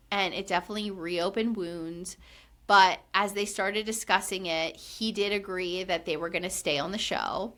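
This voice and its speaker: A woman's voice: medium pitch, pushed and bright. A woman co-hosting a podcast, recapping a reality show in casual chat, with lots of "like" and acted-out quotes. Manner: chatty, fillers of "like", acts out quotes with rising exasperation.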